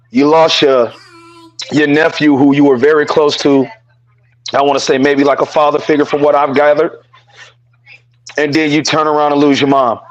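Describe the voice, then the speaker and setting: A podcast co-host with a somewhat high voice talks earnestly in a casual, heartfelt way, repeating his phrases and cursing offhandedly as he offers support over a remote call. The audio is dull.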